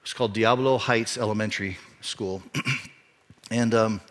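A man's voice: lowish voice, steady tone, moderate pace, a bit bright. A middle-aged man, a pastor, telling a personal story in a sermon, earnest and rising to emphatic peaks. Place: church.

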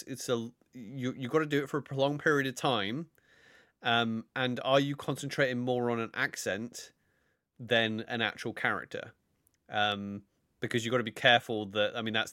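A man's voice: mid-range voice, sharp tone, no echo, clean studio sound. A man co-hosting a podcast, giving earnest advice in a casual chat and often restarting his sentences. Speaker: podcast co-host.

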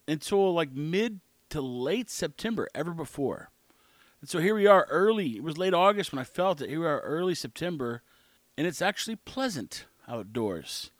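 A man's voice: fairly high pitch, a bit bright, no echo. A man hosting his own show, rambling through an opinionated casual monologue. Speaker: podcast host.

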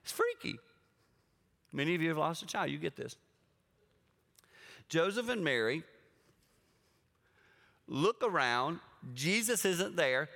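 A man's voice: a little high, vocal fry. A man preaching a sermon as a guest speaker. He tells stories animatedly and speaks straight to the congregation. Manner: animated storytelling, addresses the congregation directly. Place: church auditorium with an audience. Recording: long reverb of a large hall.

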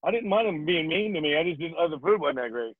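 A man's voice: a little high, quick pace, dry recording. An older man, a guest actor, telling jokey stories in a casual interview. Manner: jokey, animated storyteller. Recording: dry tinny phone-like sound.

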